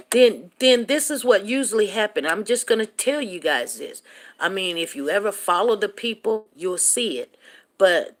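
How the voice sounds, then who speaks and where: A woman's voice: medium pitch, slight background noise. A woman hosting a casual livestream, talking straight to her viewers in an emphatic, preachy way. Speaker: livestream host.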